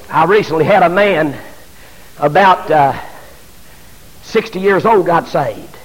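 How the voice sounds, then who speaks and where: A middle-aged preacher with an unusually high, ringing voice, working himself up from halting asides to shouted lines. His sermon echoes through a church with a long, lingering reverb that trails after each phrase. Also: lively intonation, a crowd in the background. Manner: impassioned preaching, shouting peaks, repeated fillers. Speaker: pastor.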